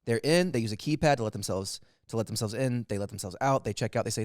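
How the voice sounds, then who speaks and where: A man's voice: medium pitch, fast, no room sound, studio quality. A man in his thirties co-hosting a comedy podcast, telling rambling stories with frequent laughs. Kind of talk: casual chat, comic storytelling.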